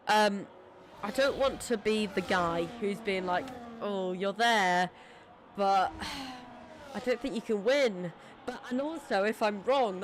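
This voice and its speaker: Background noise accompanies a mid-range-voiced commentator covering a live esports race. They're talkative and self-deprecating, apologise quickly, and are losing their voice.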